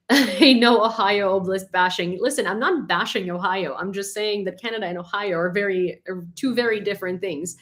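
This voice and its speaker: A woman from Ukraine hosting a live stream, chatting casually with viewers in a rambling, laughing way. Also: medium pitch. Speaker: livestream host.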